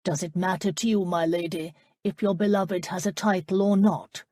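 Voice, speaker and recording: A woman's voice: lowish voice, steady tone, normal speed, dark tone, no room sound, lightly acted. A woman reading the lines of a royal prince, dry and authoritative. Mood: wry. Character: wry commanding royal prince, older man.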